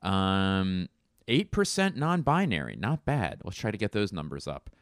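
A man's voice: low-pitched, very animated, measured pace, no room sound, clean studio sound. A man hosting a casual solo podcast, rambling and joking with plenty of swearing. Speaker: podcast host.

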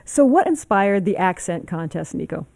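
A woman's voice: fairly low pitch, very animated, normal speed, gravelly, darkish tone, no echo. A woman hosting a radio interview, conversational and inquisitive. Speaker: radio host.

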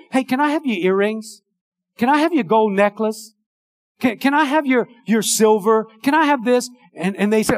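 Fervent high-voiced preacher. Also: male voice. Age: older. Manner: fervent preacher, swings from hushed to shouted. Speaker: pastor. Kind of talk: sermon.

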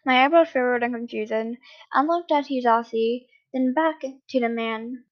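A woman reading a first-person fan fiction story aloud in a steady, plain storytelling manner. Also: a little high, moderate pace, highs cut off. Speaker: story reader.

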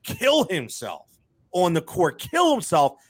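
This sports podcast host speaks slowly in a high voice with a breathy edge, his pitch swooping wildly. He rants with heat through casual sports talk and ad reads, repeating words as he warms up.

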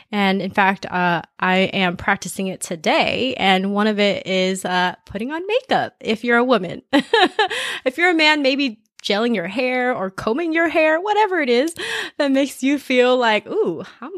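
A woman co-hosting a casual chat, bubbly and quick to laugh. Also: mid-range voice, a bit bright, dry recording, clean studio sound.

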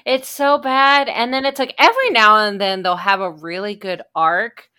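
Animated bright woman on a podcast. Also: mid-range voice, moderate pace, clean tone. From United States. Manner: animated and emphatic, laughs easily. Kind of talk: casual podcast chat.

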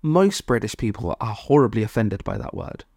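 A podcast co-host from Malawi chatting casually, rambling and quick to laugh. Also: mid-range voice, very animated, warm tone, dry recording, studio quality. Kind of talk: casual chat.

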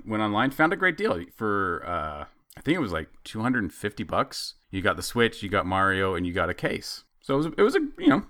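Bright-voiced low man telling a story. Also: no echo, studio quality. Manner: animated storyteller, acts out quoted lines. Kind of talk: storytelling in casual chat.

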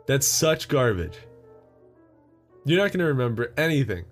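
A man's voice: medium pitch, very animated, moderate pace, soft background music. A young American man hosting a solo podcast, rambling and joking with many fillers and laughs. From United States. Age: young adult. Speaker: podcast host. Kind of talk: solo casual chat.

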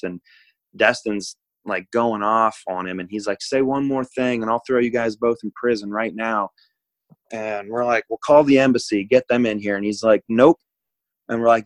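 A man from the United States telling a travel story in a relaxed, rambling way, full of filler words. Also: on the low side, dry recording, low-quality recording. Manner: rambling, laid-back, lots of "like". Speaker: guest. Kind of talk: casual storytelling.

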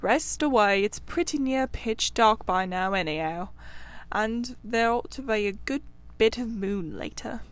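A woman voicing a brave, good-natured male water rat, speaking in a brisk, soothing and hearty way in a storybook reading. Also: on the high side, expressive.

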